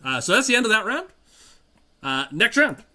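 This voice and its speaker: Lively, bright-voiced male game master. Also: high-pitched. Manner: halting, full of ums and restarts. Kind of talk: narrating a tabletop game.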